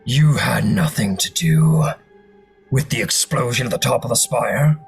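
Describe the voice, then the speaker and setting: A man voicing a huge, suspicious male cloud giant lord who speaks slowly and threatens. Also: mid-range voice, very animated, creaky, soft background music. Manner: slow, commanding and threatening.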